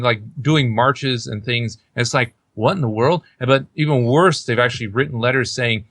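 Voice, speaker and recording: A man's voice: mid-range voice, moderate pace, few pauses, fairly bright tone, no echo. A young man hosting a casual podcast chat, rambling and outspoken, often acting out what others said. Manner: rambling, outspoken, quotes others in put-on voices. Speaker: podcast host.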